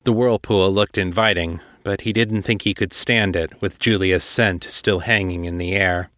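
A man with a fairly low voice narrates fiction at a steady, measured pace. The sound is dry and close, with no room around it. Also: dry recording. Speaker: story narrator. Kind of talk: audiobook-style fiction narration.

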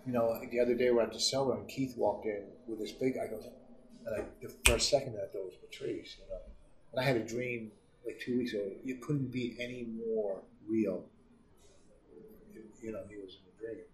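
A middle-aged man telling stories in casual talk, profane and animated. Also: lowish voice, a little fast, roomy sound, far from the mic, slight background noise, poor audio. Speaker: comedian guest. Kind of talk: casual storytelling.

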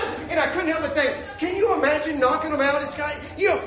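Animated pastor in an echoey hall. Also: male voice, a little fast, hardly any pauses, slight background noise. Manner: animated, humorous storytelling with sudden shouts and soft low asides. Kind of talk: sermon. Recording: echoey room with faint ambience.

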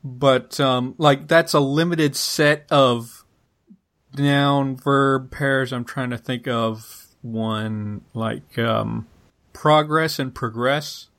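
Man, podcast co-host, slow talker, hesitant, lots of fillers, casual chat. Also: medium pitch, steady tone, a bit bright. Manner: hesitant, many fillers and restarts. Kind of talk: casual linguistics discussion.

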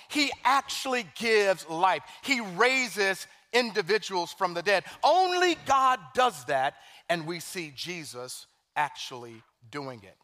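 Man, pastor, sermon, high bright voice, animated, hushed quotes then loud emphasis. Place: church sanctuary.

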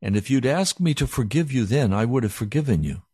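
A man voicing a stern mother who lectures her son in a measured, firm tone. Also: medium pitch, lively intonation, darkish tone, slightly rough, no room sound, clean studio sound.

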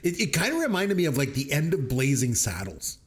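A man co-hosting a podcast, recounting movie scenes with enthusiasm and quick quoted voices. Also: on the high side, very animated. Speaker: podcast co-host. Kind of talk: casual movie review chat.

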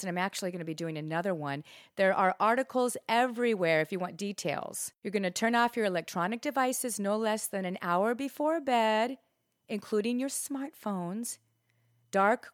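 A woman's voice: mid-range voice, no echo. Middle-aged female fitness host, upbeat and emphatic, casual coaching delivery, dry close mic. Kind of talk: casual instructional talk.

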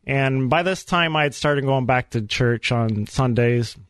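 A man's voice: mid-range voice, unhurried, a bit bright, dry recording. Earnest man telling his faith story. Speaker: guest. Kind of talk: personal faith testimony. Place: radio studio.

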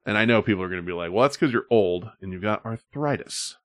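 A man's voice: lowish voice, lively intonation, quick pace, no echo. Rambling, swearing man streamer. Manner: rambling, loose, swears often. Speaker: stream co-host. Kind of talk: casual profane chat.

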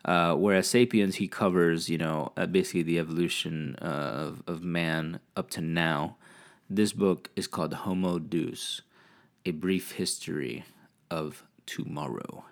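A man's voice: sits low, steady tone, a little slow. A man hosting a casual monologue, rambling in a laid-back, profane way.

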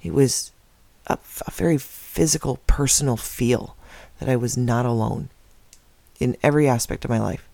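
Earnest man, personal testimony, gravelly mid-range voice, dry close sound. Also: medium pitch, normal speed, warm tone, dry recording. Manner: earnest, heartfelt, reflective. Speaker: speaker sharing a personal faith story.

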